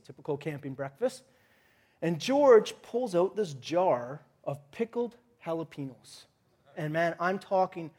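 A man preaching a sermon, opening with a lively personal story and acting out his own cries. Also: a little high. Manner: animated storytelling, acts out his own shouting. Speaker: pastor.

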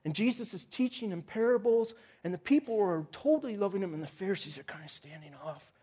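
A man preaching a sermon, opening with a lively personal story and acting out his own cries. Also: high voice, fast, breathy edge. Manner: animated storytelling, acts out his own shouting. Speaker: pastor.

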